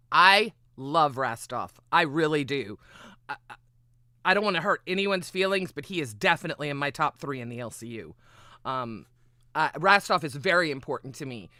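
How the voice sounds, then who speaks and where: A woman hosting a livestream in casual, rambling chat, excitable and often swearing. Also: on the low side, no room sound, clean studio sound. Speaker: livestream host.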